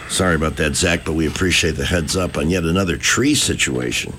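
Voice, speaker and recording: A man's voice: rumbling low, fairly quick, hardly any pauses, a bit bright, slight background noise. A man hosting live radio, chatting in an easygoing, joking way. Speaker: radio host. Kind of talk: casual live radio chat.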